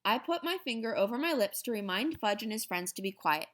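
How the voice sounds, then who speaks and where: A woman reading a children's novel aloud in an expressive storytelling manner. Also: on the high side, a little fast. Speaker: reader.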